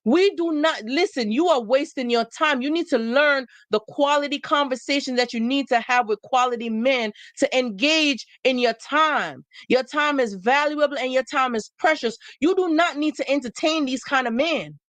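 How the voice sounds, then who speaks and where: This livestream host is a woman whose voice sits high and fairly bright, at normal speed with hardly any pauses and no room sound. Addressing viewers motivationally, she is emphatic and preachy, repeating phrases for effect.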